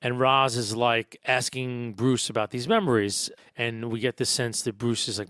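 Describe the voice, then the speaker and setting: A man at an ordinary middle pitch hosts a podcast, recounting a film scene by scene with open enthusiasm and plenty of fillers. His voice sits close and dry on the mic, with no room sound at all. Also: normal speed, a bit bright, no room sound. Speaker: podcast host. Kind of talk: casual film review monologue.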